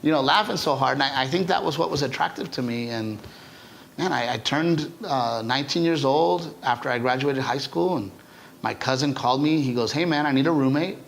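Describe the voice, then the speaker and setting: A man, a stand-up comedian, telling stories in a casual interview, animated and chatty, often tagging his lines with "right?". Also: medium pitch, normal speed, gravelly, slight background noise.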